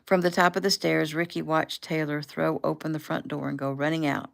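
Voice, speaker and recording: A woman author casually reading her own novel aloud, relaxed and unpolished, now and then correcting herself. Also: low-pitched, a little fast, creaky. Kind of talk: casual audiobook narration.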